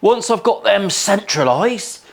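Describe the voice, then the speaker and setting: A cheeky man with a West Country English accent talks through a guitar build in his workshop. He jokes around and swears freely in easy banter. His voice sits a little higher than most men's. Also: expressive, measured pace, vocal fry. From England. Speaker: guitar maker hosting a workshop build vlog. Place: home workshop.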